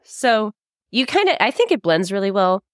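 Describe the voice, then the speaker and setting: A woman's voice: mid-range voice, sing-song, normal speed, dry recording, studio quality. A woman co-hosting a podcast, telling a story in a casual chat, laughing often and swearing freely. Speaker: podcast co-host.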